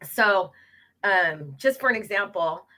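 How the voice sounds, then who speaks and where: A woman's voice: medium pitch, takes it slowly. A woman, a local progressive club president, telling a campaign story casually, with many fillers and acted-out quotes. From Los Angeles area, California. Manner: animated, many fillers, acts out quoted exchanges. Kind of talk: casual storytelling on a web talk show.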